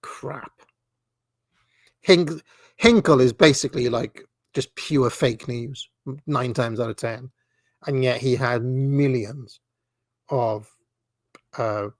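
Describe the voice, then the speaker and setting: A man's voice: mid-range voice, dry recording, studio quality. A man hosting a commentary channel, ranting sarcastically about fake news and swearing often.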